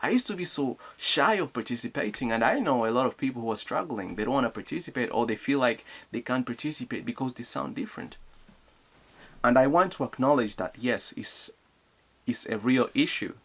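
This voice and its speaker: A man's voice: medium pitch, lively intonation, brisk, gravelly, fairly bright tone. A young man from DR Congo with a Congolese accent, speaking in a motivational vlog in an earnest, encouraging way, often asking rhetorical questions. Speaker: youth speaker.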